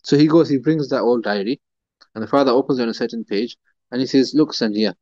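Speaking fast at a medium pitch, this man has a dark tone as he teaches a Quran commentary lesson. He's a religious teacher who talks conversationally, often using fillers and restarting, and the recording is dull and dry.

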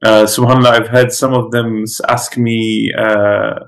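A man's voice: lowish voice, flat delivery, measured pace, gravelly, low-quality recording. A man whose first language is Pashto, lecturing students in a conversational way with many fillers and restarts. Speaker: teacher.

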